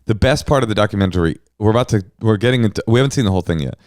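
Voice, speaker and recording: A man's voice: on the low side, very fast, no echo, clean studio sound. A middle-aged man co-hosting a comedy podcast, telling stories animatedly and acting out the people he quotes. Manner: animated storyteller, acts out quotes. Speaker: podcast co-host. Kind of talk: casual comedic chat.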